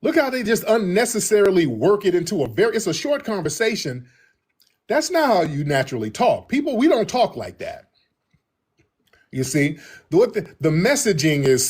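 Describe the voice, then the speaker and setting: A man giving political reaction commentary in an emphatic, animated way, often repeating himself for effect. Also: high voice, normal speed, breathy edge.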